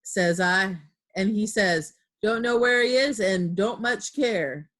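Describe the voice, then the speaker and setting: A woman reading aloud as a cunning older male pirate cook, in a loud, steady storytelling voice. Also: mid-range voice, slow pace. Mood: sly.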